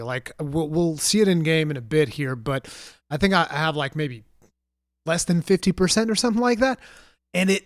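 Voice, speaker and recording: A man chatting casually on a game stream, animated and swearing freely, talking into a desk mic. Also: on the high side, no echo, studio quality. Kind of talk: casual live-stream chat.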